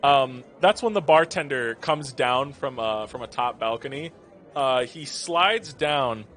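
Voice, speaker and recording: A man's voice: mid-range voice, lively intonation, measured pace, a bit bright, faint music behind. A man narrating as game master, describing scenes in a rambling, laughing way with casual swearing.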